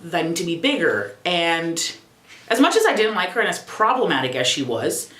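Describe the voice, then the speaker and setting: A young adult woman vlogging casually at home, expressive, profane and sassy. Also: on the low side, a little fast, roomy sound. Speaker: YouTuber. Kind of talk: casual reflective vlog.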